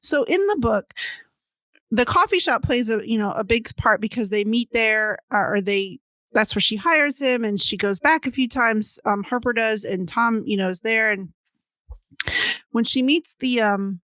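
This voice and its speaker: Woman co-host, casual chat, high voice, dry close sound, gushing storyteller who acts out the lines. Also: measured pace, no room sound. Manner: excited, acts out scenes in quoted voices. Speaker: podcast co-host.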